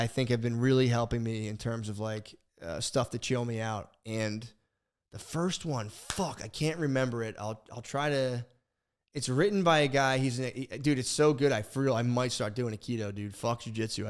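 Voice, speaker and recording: A young man on a podcast, chatting casually and cursing freely as he tells a long story. He talks in an animated way, restarting his sentences and doing little voices for the people in the story. His voice sits at an ordinary middle pitch. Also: smooth. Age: young adult. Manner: rambling, profane, animated storytelling with many restarts. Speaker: podcast co-host.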